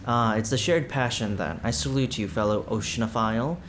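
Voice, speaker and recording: A man's voice: medium pitch, brisk, fairly bright tone, slight background noise, close to an everyday voice. A man voicing a pompous, scholarly ocean researcher who lectures in lofty, wordy phrases.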